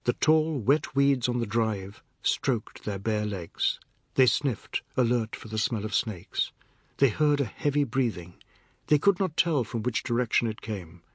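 Husky male audiobook narrator. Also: mid-range voice, no room sound, studio quality. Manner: measured, steady storytelling. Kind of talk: scripted narration.

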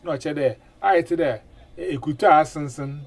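A man hosts a loose, mixed-language radio chat. His voice sits a bit high for a man. He keeps things animated, leaning on 'eh' fillers and doubling his words. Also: a little fast, gravelly, breathy edge.

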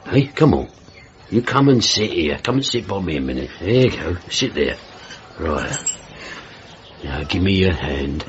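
A man's voice: low voice, big pitch swings, a little slow, long pauses, highs cut off, noisy background. An actor playing a jovial, flirtatious middle-aged countryman with a folksy, teasing manner. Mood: flirty teasing. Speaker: convalescing family man. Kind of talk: period TV comedy-drama acting.

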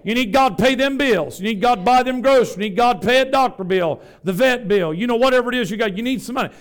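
A man's voice: extremely high pitch, fast. A man, a Pentecostal bishop, preaching a sermon to a congregation in a church, with a rhythmic, folksy style and questions thrown to the crowd.

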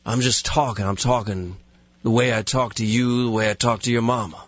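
A man doing an impression of a famous male action star in a lazy, deadpan, low drawl. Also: moderate pace, no echo, highs cut off, lightly acted.

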